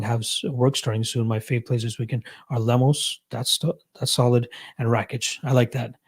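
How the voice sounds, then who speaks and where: Laid-back husky Canadian man. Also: mid-range voice, darkish tone. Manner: laid-back, chuckling, filler-heavy. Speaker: live stream host reading chat. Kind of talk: casual live chat about fight betting.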